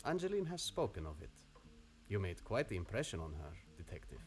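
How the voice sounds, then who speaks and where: A man's voice: low voice, huge pitch swings, fairly quick. An actor playing an earnest, formal young man who is engaged to be married, in game audio with music behind.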